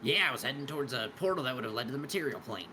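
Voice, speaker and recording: A man's voice: mid-range voice, expressive, rapid-fire, background noise, lightly acted. A man voicing an aggrieved male devil who insists his contract was broken, with a put-on Southern US accent. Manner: insistent, formal complaint.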